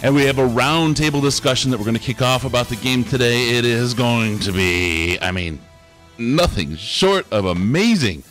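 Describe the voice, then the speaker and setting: A man hosting a live sports podcast, running through announcements in an upbeat, animated way. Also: mid-range voice, moderate pace, soft background music. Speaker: podcast host.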